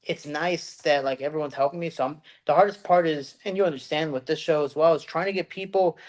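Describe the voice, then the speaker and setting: A man's voice: a little high, a little fast. A man hosting a podcast, talking loosely in casual chat with lots of fillers. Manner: loose, filler-heavy talk.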